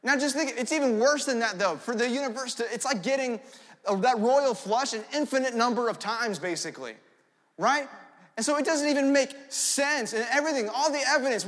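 Animated young male preacher in a hall. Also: high-pitched. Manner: animated, storytelling, frequent "right?" asides. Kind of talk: sermon. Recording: long hall reverb.

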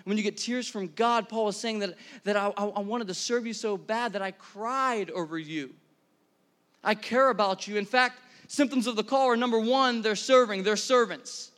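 A pastor in his thirties preaching a sermon to a congregation, energetic and conversational, asking the room questions. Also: high-pitched, moderate pace. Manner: energetic, conversational, many restarts and audience questions. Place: church hall before a congregation.

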